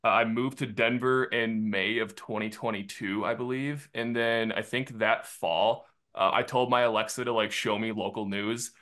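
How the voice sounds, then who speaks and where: A man's voice: fairly low pitch, moderate pace, hardly any pauses. A man from Minnesota, a social media content creator and podcast guest, speaking confidently and casually. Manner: confident, animated when acting out quotes. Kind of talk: casual interview storytelling.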